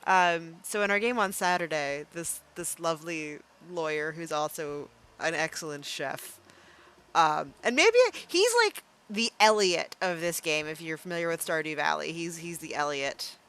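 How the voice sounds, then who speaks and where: A young woman streaming a game, chatting playfully and thinking out loud with plenty of fillers. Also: low-pitched, steady tone, moderate pace, hardly any pauses, clear, resonant tone. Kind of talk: casual live-stream game commentary.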